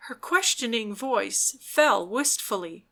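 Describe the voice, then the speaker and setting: A woman narrating an audiobook in a measured, unhurried way. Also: on the high side, animated, creaky, pushed and bright. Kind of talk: scripted narration.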